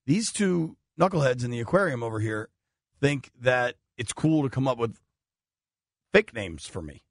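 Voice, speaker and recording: Husky-voiced male radio host. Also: medium pitch, lively intonation, normal speed, dry recording, studio quality. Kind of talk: casual studio banter. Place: radio studio. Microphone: studio mic with headphones.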